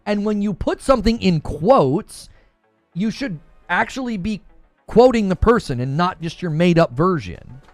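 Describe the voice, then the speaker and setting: A man hosts a live gaming-news stream, speaking emphatically, stumbling often, repeating himself, and reading chat questions aloud. His high voice is expressive, a little slow and a little mellow, with no echo and faint music in the background.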